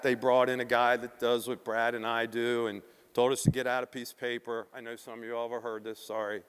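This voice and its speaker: A middle-aged man from South Philadelphia giving a live keynote talk, animated and profane, acting out the quotes in his stories. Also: mid-range voice, clear, resonant tone, long reverb tail. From South Philadelphia, USA. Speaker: keynote speaker.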